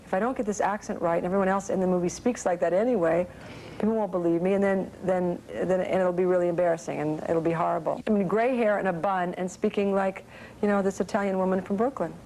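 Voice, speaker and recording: A woman's voice: fairly low pitch, steady tone, fast talker, mellow, slight background noise, low-quality recording. A woman actress giving a casual interview, rambling and chatty with many fillers.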